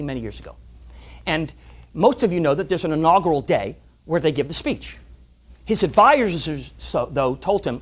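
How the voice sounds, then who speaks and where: A man giving a motivational talk to a club audience, acting out voices in his stories. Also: a little high. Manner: animated, acts out quoted voices and stories. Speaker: motivational speaker. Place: club meeting room.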